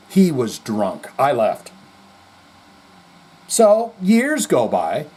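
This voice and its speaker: A man hosting a rock news show, telling stories in an animated way with rambling asides. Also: medium pitch, drawn-out words, pauses often, breathy edge, poor audio. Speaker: podcast host.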